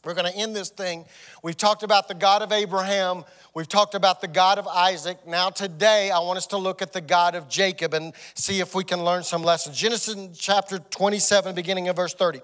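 A man's voice: high-pitched, fairly even intonation, fairly quick, fairly bright tone, big-room sound. A man preaching a sermon as pastor, leading a song and reading scripture to his congregation. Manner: leads congregation song, reads scripture aloud. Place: church sanctuary.

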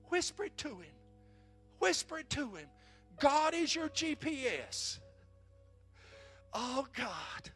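A man preaching a sermon to his congregation, dropping to whispers and building to shouted praise, repeating phrases for emphasis. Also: extremely high pitch, big pitch swings, takes it slowly, pauses often, soft background music. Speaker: pastor.

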